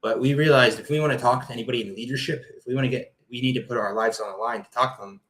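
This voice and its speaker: A man, an Air Force veteran, telling his story as a podcast guest in an animated, vivid way. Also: medium pitch, very fast, low-quality recording. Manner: vivid, animated retelling with acted-out quotes. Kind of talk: personal storytelling in a podcast interview.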